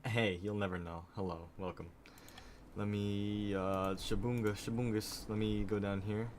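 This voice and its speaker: Frazzled low-voiced young man streaming live. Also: flat delivery, unhurried, a little mellow, slight background noise. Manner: frazzled, rambling, talks straight to chat. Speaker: livestreamer. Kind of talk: casual live-stream chat.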